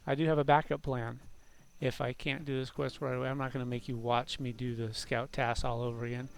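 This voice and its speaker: A man's voice: mid-range voice, level tone, a little fast, creaky, clean tone. A man rambling through gameplay commentary, talking to himself, mocking his own mistakes and swearing at the game. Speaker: game streamer.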